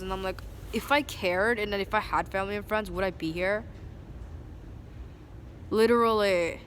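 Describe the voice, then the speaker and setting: A woman venting to a phone camera at an outdoor bus station, agitated and rambling, full of "like", swinging from low muttering to loud indignation. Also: fairly even intonation, moderate pace, pauses often. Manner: agitated, rambling, heavy use of "like". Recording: street noise and passing vehicles.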